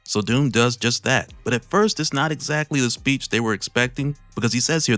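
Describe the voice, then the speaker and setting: A man's voice: medium pitch, brisk, few pauses, a bit bright, no echo, faint music behind. A man casually recapping a comic story with laughing, slangy asides, recorded on a close mic.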